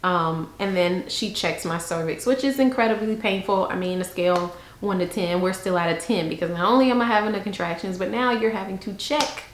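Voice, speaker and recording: Girl vlogging, frank and chatty, middle pitch, roomy sound. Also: a little fast, hardly any pauses, slight background noise. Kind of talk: casual storytelling to camera.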